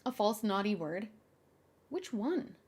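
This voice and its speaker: A young adult woman streaming, chatting casually with her viewers in an animated, often exasperated way and laughing a lot. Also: mid-range voice, takes it slowly, husky. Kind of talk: casual live-stream chat.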